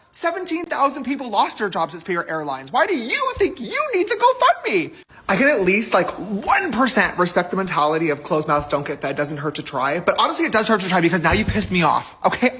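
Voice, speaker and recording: A man ranting in a sarcastic, dismissive way, swearing freely, with a husky voice. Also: sits high, very animated, fast talker, hardly any pauses, bright, forceful tone. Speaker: internet personality. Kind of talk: ranting clip.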